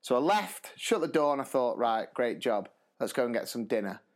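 Animated male teacher telling stories. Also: medium pitch, normal speed. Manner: animated, laughs through stories. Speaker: podcast co-host, primary school teacher. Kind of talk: casual storytelling chat.

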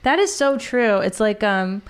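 A woman's voice: medium pitch, sing-song, measured pace, clean tone. A woman hosting a podcast in a casual chat, talking freely, swearing and laughing along. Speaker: podcast host.

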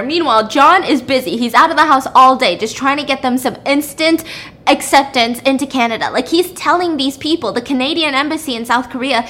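A woman's voice: high voice, a little fast, sharp tone. A woman recapping a story in a casual, chatty, blunt way, using "like" often.

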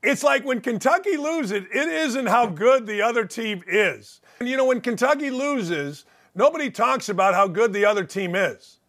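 A man's voice: very high-pitched, expressive, normal speed, few pauses, a bit bright. A man from Indiana hosting a sports talk show, telling stories with energy and emphasis.

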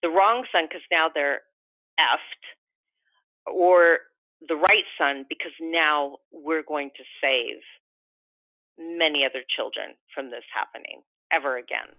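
A woman's voice: sits low, takes it slowly, no echo. A woman giving an interview over the phone, speaking with urgent, indignant emphasis. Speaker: guest. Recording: tinny dry phone line.

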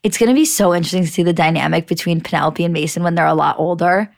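A woman's voice: fairly low pitch, very fast, creaky. Enthusiastic young woman co-hosting a podcast. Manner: enthusiastic, swears casually. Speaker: podcast co-host. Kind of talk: casual chat recapping a reality show.

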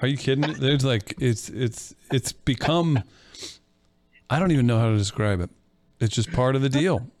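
A man chatting on a podcast, explaining himself in quick, rambling runs of speech. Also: mid-range voice, darkish tone, no echo, studio quality. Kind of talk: casual podcast chat.

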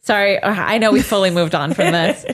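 A woman's voice: mid-range voice, fairly quick. A woman co-hosting a podcast in casual chat, reacting with gasps and laughter. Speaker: podcast co-host.

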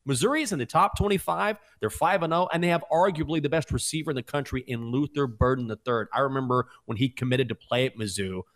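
A man's voice: medium pitch, fast, few pauses, fairly bright tone. A man co-hosting a sports betting podcast, breaking down his picks with confidence and a few self-mocking dad jokes. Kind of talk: casual sports betting talk.

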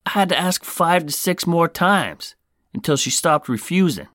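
A man's voice: on the high side, lively intonation, moderate pace, a bit bright, dry recording, clean studio sound, pitched above the performer's own voice. A man voicing a fed-up woman customer reading out her complaint review in an aggrieved, indignant tone.

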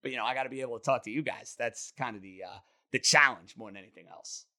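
A man hosting a sports podcast in an energetic, animated casual chat. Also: mid-range voice, fast. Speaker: podcast host.

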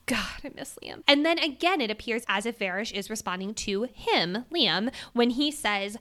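A young woman co-hosting a casual book podcast, animated and laughing often, with some swearing, talking into a microphone. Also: a little high, normal speed, hardly any pauses. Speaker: podcast co-host. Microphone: studio microphone.

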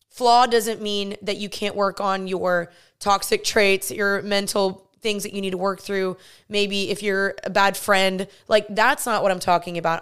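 A woman's voice: mid-range voice, fairly bright tone, clean tone. A young woman hosting a podcast, talking earnestly and casually about faith and fitness, with a frequent "like". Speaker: podcast host. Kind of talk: faith-based casual talk.

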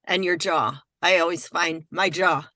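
A woman chatting on a parenting podcast, agreeing often and talking in an unhurried way. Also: lowish voice, steady tone, bright, forceful tone, no echo, studio quality. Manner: slow, agreeable, many affirming murmurs. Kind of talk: casual podcast conversation.

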